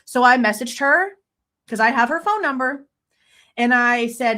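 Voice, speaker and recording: Furious, high-voiced woman ranting. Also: lively intonation, unhurried, pauses often, bright, forceful tone. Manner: heated, profane, cursing. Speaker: true crime commentator. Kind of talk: angry ranting commentary. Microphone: desk mic, faceless channel.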